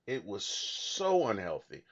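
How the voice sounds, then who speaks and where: A man in casual conversation about a film whose pitch swings widely as he talks with earnest emphasis. He often restarts his sentences. The recording sounds slightly dull and lo-fi. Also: wildly swooping pitch, slow. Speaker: movie podcast co-host. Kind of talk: casual movie discussion.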